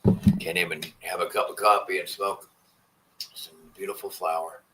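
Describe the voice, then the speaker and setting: A man's voice: sits low, level tone, moderate pace, heavy background noise. A man chatting casually with viewers on a live stream, rambling and swearing as he complains in frustration. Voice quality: profane, rambling. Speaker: vlogger.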